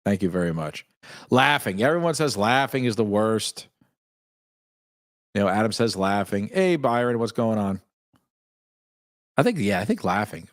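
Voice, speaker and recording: A man's voice: lowish voice, lively intonation, moderate pace, long pauses, no echo, studio quality. A man hosting a casual live stream who chats candidly, laughs often and greets viewers by name as he reads their comments. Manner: frequent laughs and fillers, candid. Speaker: host.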